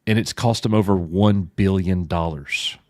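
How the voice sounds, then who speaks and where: A man hosting a casual livestream chat, lively and quick to jump in with enthusiasm. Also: sits low, dry recording, clean studio sound. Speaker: podcast host.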